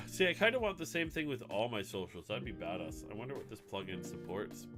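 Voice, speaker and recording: A man's voice: lowish voice, sing-song, a little fast, few pauses. A man chatting casually and rambling while he builds a website on a live stream, swearing now and then. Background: music playing.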